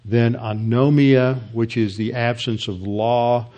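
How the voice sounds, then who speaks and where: A male pastor teaching a Bible lesson in an explanatory way, with frequent halting restarts. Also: medium pitch, darkish tone.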